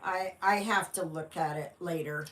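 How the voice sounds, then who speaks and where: A woman's voice: lowish voice, a bit bright. A woman from Canada hosting a casual stitching livestream, chatting unhurriedly and greeting viewers by reading their comments aloud. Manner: unhurried, rambling with fillers. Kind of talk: casual live-stream chat.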